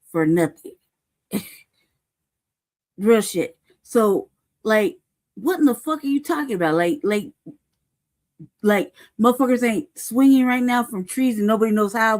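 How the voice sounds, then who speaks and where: A woman's voice: mid-range voice, darkish tone. Heated, profane woman ranting. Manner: heated, profane rant full of rhetorical questions; frequent laughs and "you know what I mean". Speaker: podcast host. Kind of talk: unscripted political commentary.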